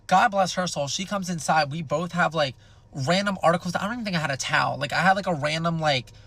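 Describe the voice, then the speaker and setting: Creaky, bright-voiced young man telling a story. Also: on the high side, quick pace. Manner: animated, profane, dramatic retelling. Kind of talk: casual storytime.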